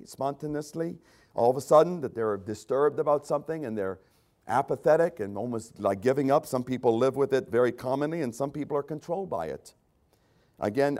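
The older preacher reads Bible passages in his sermon, pushing his emphasis up and down with theatrical shifts in loudness and pitch.

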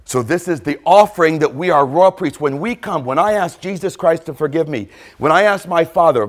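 Guy preaching, kinda high voice, repeats stuff for emphasis, goes quiet on the big points. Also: lively intonation, normal speed, hardly any pauses. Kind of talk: sermon.

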